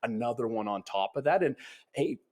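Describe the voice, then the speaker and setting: A man's voice: mid-range voice, lively intonation, fairly quick, darkish tone. A man from Canada hosting a podcast, agreeing eagerly and explaining at length in casual chat. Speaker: podcast host.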